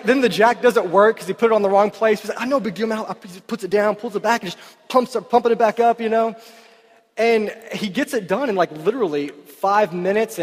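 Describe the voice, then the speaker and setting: A man preaching a sermon, telling stories in a chatty, animated way full of "like" fillers, in a church hall. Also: high voice. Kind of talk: sermon storytelling. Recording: reverberant hall.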